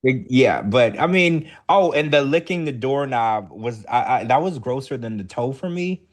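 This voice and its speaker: A man co-hosting a casual podcast recap, chatty and animated, his voice jumping up high when excited. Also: moderate pace. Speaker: podcast co-host.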